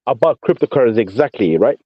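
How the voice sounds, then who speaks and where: A man's voice: medium pitch, expressive, quick pace, dry recording. A man with a London accent calling into a voice chat, ranting combatively and repeating himself, calling everyone mate and bro. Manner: combative, repetitive, peppers speech with mate and bro. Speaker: caller in a voice chat. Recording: dull lo-fi voice chat audio.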